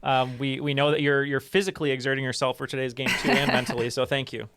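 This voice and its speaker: A man's voice: mid-range voice, level tone, quick pace, fairly bright tone, a little hiss or hum. A man hosting a trivia podcast, upbeat and casual, with many fillers. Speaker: podcast host.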